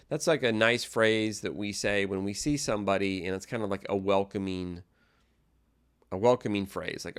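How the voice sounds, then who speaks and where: A man teaching an English grammar lesson, explaining phrases in a relaxed way with fillers and small restarts. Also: lowish voice, moderate pace, clear, resonant tone.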